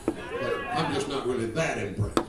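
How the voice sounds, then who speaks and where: A man's voice: medium pitch, normal speed, very noisy. A man doing profane stand-up, teasing the crowd and telling drawling stories on a comedy club stage. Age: 50s. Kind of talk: stand-up routine with crowd work. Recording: roomy club sound from a distance. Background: guitar and audience laughter.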